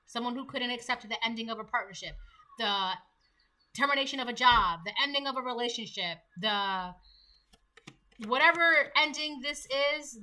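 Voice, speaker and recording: This tarot reader keeps things casual and talkative, giving voice to whoever she's quoting and cracking herself up at her own jokes. She has a fairly high, bright, forceful voice.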